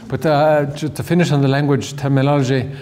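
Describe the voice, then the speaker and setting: A man's voice: medium pitch, fairly even intonation, a little fast, darkish tone, big-room sound. A man with a southern Irish accent giving an online lecture, often repeating words as he restarts his sentences. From Ireland.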